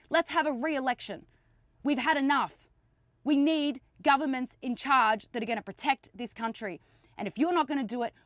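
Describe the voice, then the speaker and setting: Woman, fairly high voice, dry close sound, urgent impassioned delivery. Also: dry recording. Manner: urgent and emphatic, repeating phrases. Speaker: activist. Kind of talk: impassioned speech to camera.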